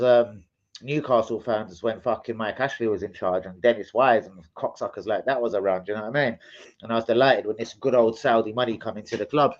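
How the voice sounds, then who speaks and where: A man hosting a football live stream, rambling and swearing in street slang. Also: mid-range voice. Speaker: football channel host. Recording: lo-fi livestream audio.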